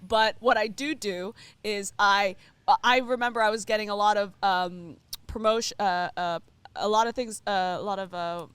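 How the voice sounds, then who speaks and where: Podcast co-host, woman, rambly and hesitant, clear dry recording. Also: medium pitch, steady tone, moderate pace, fairly bright tone, no room sound. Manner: rambling, hesitant with many fillers. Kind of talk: casual chat.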